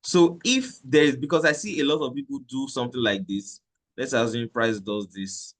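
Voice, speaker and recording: A man's voice: mid-range voice, normal speed. A man teaching a live trading lesson in a conversational way, repeating points and checking in with "okay?". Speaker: trading instructor.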